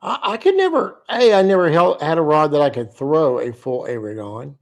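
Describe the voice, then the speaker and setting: A man's voice: on the high side, very animated, normal speed, gravelly. A man hosting a casual live stream, tired and yawning, rambling and swearing freely. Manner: rambling, swears freely, reads chat aloud. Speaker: livestream host.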